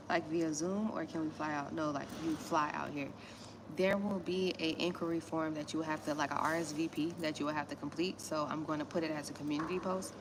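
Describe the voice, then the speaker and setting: Over a noisy background, a deep-voiced woman chats bluntly with her livestream viewers about small business grants. Originally from Miami, Florida, USA, she has a Southern US accent, uses slang, addresses viewers directly, and is located in West Africa.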